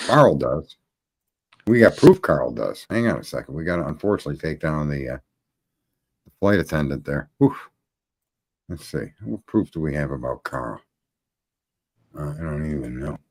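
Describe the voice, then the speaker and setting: A man hosting a podcast, telling long stories in casual chat. He swears freely and rambles, and his voice climbs high when he gets indignant. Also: lively intonation, normal speed, gravelly, pauses often, slightly rough. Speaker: podcast host.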